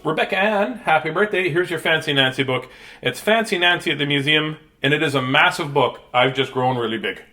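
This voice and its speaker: A man's voice: a little high, brisk, sharp tone. A man hosting a storytime video, reading picture books aloud with goofy jokes and chatty asides from home. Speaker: storytime reader host. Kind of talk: playful picture book read-aloud.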